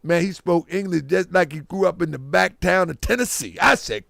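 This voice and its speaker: A man hosting a casual live stream, rambling and animated and breaking into loud laughter. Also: sits high, normal speed, creaky, dry recording.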